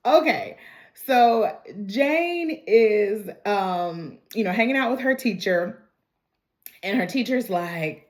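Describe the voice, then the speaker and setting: Lively woman recapping TV, laughing. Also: medium pitch, takes it slowly. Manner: animated, laughing often, swearing freely. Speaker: TV recap vlogger. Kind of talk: casual recap and reaction.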